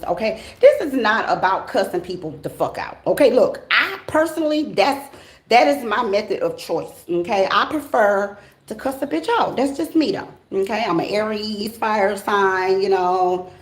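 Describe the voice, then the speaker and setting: A woman's voice: expressive, normal speed. Blunt, profane woman tarot reader. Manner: blunt, profane, playful, addresses viewers directly; acts out quoted voices in a much higher pitch. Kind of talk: casual spiritual reading monologue. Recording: roomy echo with faint background noise.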